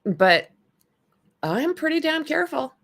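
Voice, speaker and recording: A woman's voice: sits high, sing-song, a little slow, vocal fry, a bit bright. A woman hosting a casual livestream, commenting bluntly and with indignation while chatting with viewers. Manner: blunt, indignant, talks back to chat. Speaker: livestream host.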